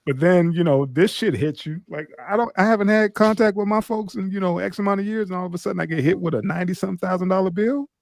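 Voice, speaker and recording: A man's voice: sits high, vocal fry, a little mellow, no echo. Brief: man, podcast co-host, casual banter, easygoing with stammered restarts. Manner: laughing, agreeable, halting restarts.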